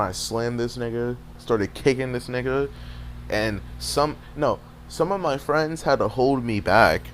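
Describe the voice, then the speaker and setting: A man's voice: on the low side, slight background noise. Young man telling a profane story. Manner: animated, profane, streetwise slang. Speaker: gaming video creator. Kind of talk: casual storytelling over gameplay.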